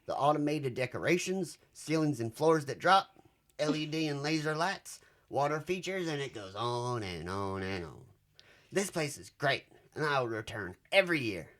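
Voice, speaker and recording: A man's voice: a little high, expressive, moderate pace, a bit bright, pitched above the performer's own voice. A man voicing a male haunted-house fan reading his own review, in an emphatic, lecturing Southern US accent.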